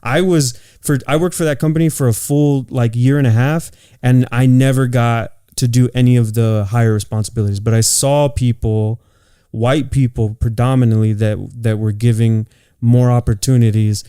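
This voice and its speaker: A man's voice: mid-range voice, steady tone, moderate pace, dark tone, smooth, no room sound, studio quality. A man from California, co-hosting a podcast and telling work stories in a loose, profane way with lots of "like" fillers. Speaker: podcast co-host. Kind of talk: casual chat.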